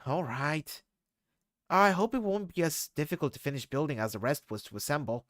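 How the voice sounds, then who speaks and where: A man's voice: fairly high pitch, sing-song, fairly quick, fairly bright tone, dry recording, clean studio sound, pitched below the performer's own voice. A man voicing an eager, old-fashioned young man who speaks in quaint British-style slang. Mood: chipper.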